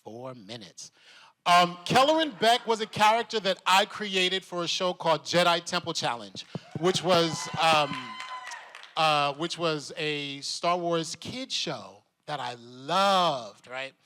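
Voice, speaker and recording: A man telling stories at a convention panel, lively and laughing, acting out the voices of the people he quotes. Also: fairly high pitch, slow. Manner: animated, laughing, acts out voices. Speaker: convention panel guest, actor. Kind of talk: animated storytelling at a convention panel. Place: convention hall. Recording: long hall reverb.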